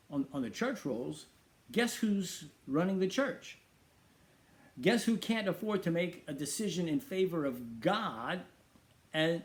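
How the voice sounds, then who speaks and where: A middle-aged man hosting a talk show, preaching emphatically and firing off rhetorical questions. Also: a little high. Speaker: radio show host. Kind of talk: preaching monologue.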